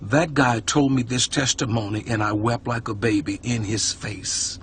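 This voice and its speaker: A man's voice: medium pitch, steady tone, moderate pace, a bit bright, a little hiss or hum. A man preaching a testimony sermon, fervent and near tears, retelling a story with repeated quoting.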